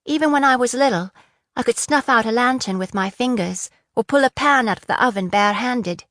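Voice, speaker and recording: A woman reading a defiant young female prisoner who answers with quick, indignant retorts. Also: fairly high pitch, fairly bright tone, no room sound, clean studio sound, voice pushed up, lightly acted.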